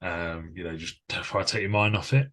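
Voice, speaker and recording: A man with a low, deep voice tells a story on a podcast. He talks casually and laughs at himself as the tale rolls on. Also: fairly quick, fairly bright tone. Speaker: podcast co-host.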